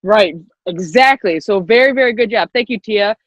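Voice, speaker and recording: A woman leading an online public speaking workshop on a video call, lively and quick-talking, encouraging the participants. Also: medium pitch, dry recording. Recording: dull lo-fi video call audio.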